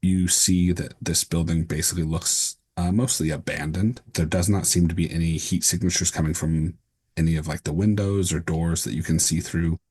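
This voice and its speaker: A man's voice: deep voice, steady tone, moderate pace, darkish tone, slightly rough. A man running a tabletop game as game master, describing scenes and rules with many fillers.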